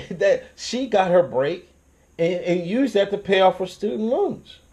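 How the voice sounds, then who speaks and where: A young man with a high, slightly slow voice rants on his own channel in casual commentary. He swears a lot, restarts often and laughs, keeping it animated and profane.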